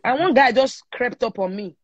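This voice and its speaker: Speaking at a moderate pace in a fairly high pitch, this young Nigerian-accented woman is a singer being interviewed, and she livens up her stories with bits of pidgin. The recording has no room sound and comes from a phone on a live stream, giving it a dull lo-fi quality.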